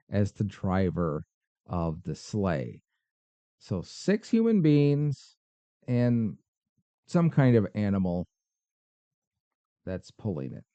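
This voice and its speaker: A man's voice: mid-range voice, dark tone, no room sound, highs cut off. A man hosting a podcast, reacting to paranormal videos with skeptical, sarcastic commentary. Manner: skeptical, dry, sarcastic asides. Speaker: podcast host.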